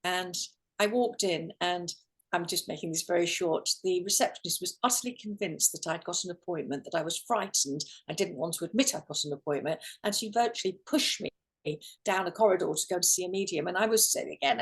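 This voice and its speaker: A woman's voice: fairly low pitch, brisk, husky. A woman, a guest in an interview, telling a personal story earnestly with many restarts and fillers. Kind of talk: emotional storytelling.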